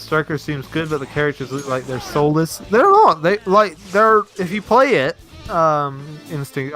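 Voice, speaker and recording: A man's voice: fairly high pitch, a bit bright. A man chatting casually over a game stream, reading viewer comments aloud and restarting his sentences often. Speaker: co-host reading chat. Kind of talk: casual let's play commentary.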